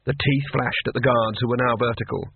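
A man reading a comic story aloud in a wry, lively way, in a dry, tinny recording. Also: mid-range voice, brisk, vocal fry, slightly rough, dry recording. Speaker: narrator. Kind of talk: scripted comic narration. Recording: dry, tinny phone-like sound.

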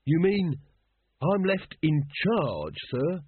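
A man voicing an eager, naive young male watchman who asks earnest, wide-eyed questions in a very husky voice. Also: sits high, lively intonation, fairly quick, no room sound, voice pushed up, exaggerated voice. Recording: dry, phone-like narrow sound.

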